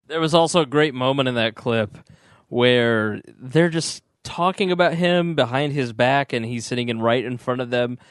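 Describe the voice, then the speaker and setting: A man co-hosting a casual podcast, teasing his co-hosts and retelling clips with animated jokes. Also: medium pitch, normal speed, clean tone, dry recording, clean studio sound. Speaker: podcast co-host.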